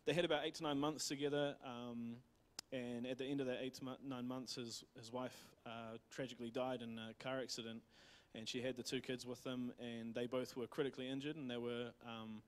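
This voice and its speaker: A man with a New Zealand accent retelling a missionary's story in a church talk, rambling with many fillers and restarts. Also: mid-range voice. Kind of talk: casual sermon storytelling.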